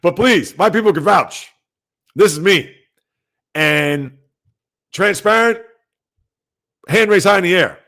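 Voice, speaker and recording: A man hosting a sports talk livestream at home, speaking loudly and emphatically, rambling conversationally and answering viewer comments. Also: high voice, animated, slow pace, pauses often. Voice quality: loud, emphatic delivery. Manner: rambling, conversational, talks back to chat.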